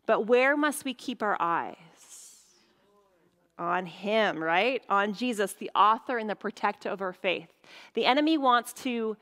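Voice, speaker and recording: A woman's voice: medium pitch, a bit bright. A woman preaching a sermon in a church, earnest and reflective, asking the listeners questions. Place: church sanctuary. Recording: long hall reverb.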